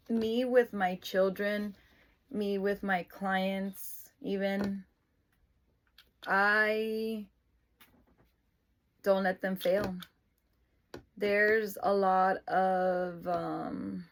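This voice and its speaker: A middle-aged woman, a mother, explaining her parenting routine in an earnest, emotional, casual vlog way. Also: mid-range voice. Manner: emotional, earnest, lapses into excited praise voice. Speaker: mother of an autistic son.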